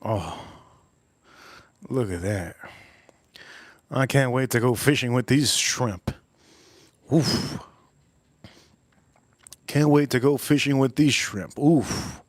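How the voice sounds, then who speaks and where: A man's voice: mid-range voice, slow pace, pauses often, no echo. Rambling, playful man on a livestream. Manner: rambling and playful, repeating catchphrases like "yes, yes". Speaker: livestream host. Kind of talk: casual livestream chat while cooking and tasting whiskey.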